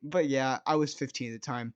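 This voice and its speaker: A man's voice: mid-range voice, steady tone, a little fast, clear, resonant tone, no room sound. A young man in his late teens hosting a storytime video, rambling through a casual story in a self-mocking way, full of "like" and "dude". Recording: dull, lo-fi, dry sound.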